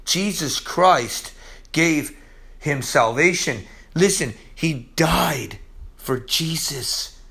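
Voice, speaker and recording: High-voiced man preaching with swings. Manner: casual slangy preaching, swings from loud to hushed. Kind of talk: sermon.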